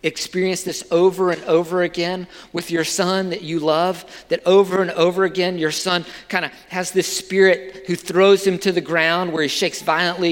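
High-voiced man preaching in a hall. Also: fairly bright tone. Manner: conversational, asks the listeners rhetorical questions. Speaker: pastor. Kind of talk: sermon.

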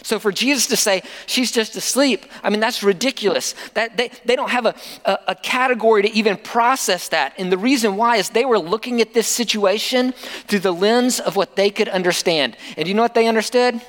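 A man's voice: high-pitched, fairly quick, fairly bright tone, big-room sound. A man preaching a sermon as a pastor, conversational, with many rhetorical questions to the congregation.

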